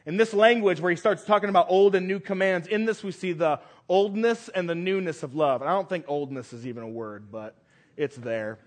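Pastor guy preaching, pretty high voice, gets intense on the scripture bits. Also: fairly quick. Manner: earnest preaching, reads scripture aloud with rising emphasis. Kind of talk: sermon.

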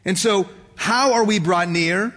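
High-voiced man preaching in a reverberant hall. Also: measured pace, a bit bright. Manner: storytelling with acted-out voices, conversational asides. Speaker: pastor. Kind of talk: sermon.

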